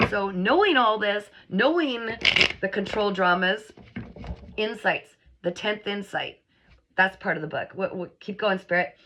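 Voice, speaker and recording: A middle-aged woman giving a chatty, animated channeled psychic reading to her viewers, acting out whiny voices as she goes. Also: mid-range voice, measured pace, noisy background. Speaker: psychic reader. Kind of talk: channeled spiritual reading to camera.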